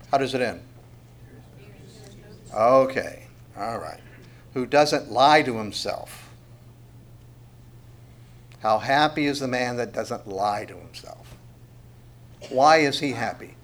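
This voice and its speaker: A middle-aged man leads a Bible study in a relaxed, conversational way. His voice sits at an ordinary middle pitch, and he keeps asking the listeners questions and punches the words he wants to stress. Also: takes it slowly, long pauses. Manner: conversational, asks rhetorical questions, dynamic emphasis. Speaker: Bible teacher. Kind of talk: expository Bible teaching.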